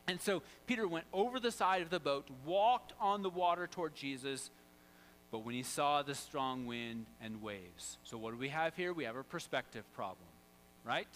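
A pastor preaching a sermon, animated, swinging from loud to hushed and quizzing the congregation. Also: male voice, on the high side, normal speed, a little hiss or hum, poor audio.

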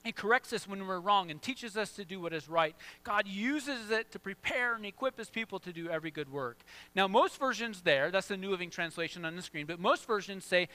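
A man delivers a sermon in a bright, fairly high voice. He drops to a hushed, prayerful murmur, then climbs into loud, excited bursts of emphasis. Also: fairly quick, few pauses, dry recording. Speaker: pastor.

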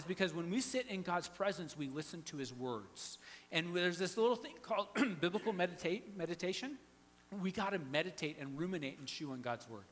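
A man preaching a sermon as pastor, conversational, swinging from hushed to loud and emphatic. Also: a little high. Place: church sanctuary. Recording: long hall reverb, faint hum.

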